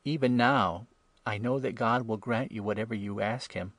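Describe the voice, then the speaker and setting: A man's voice: lowish voice, fairly even intonation, normal speed, a bit bright, no echo. A man voicing Martha, a grieving, faithful woman, in an earnest, pleading tone.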